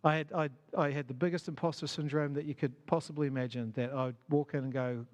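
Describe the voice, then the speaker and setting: A man speaks to a church gathering, his voice sitting a little higher than most men's. He talks loosely and conversationally, tosses questions to the crowd and laughs at his own failings. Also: fairly even intonation, fast, a little mellow. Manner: conversational, self-deprecating, asks the audience questions. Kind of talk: conference talk to an audience. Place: church hall.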